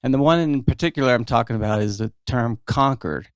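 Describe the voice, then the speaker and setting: A man telling a fishing story in casual chat with friends, relaxed and pausing with fillers. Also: mid-range voice, dry recording, studio quality.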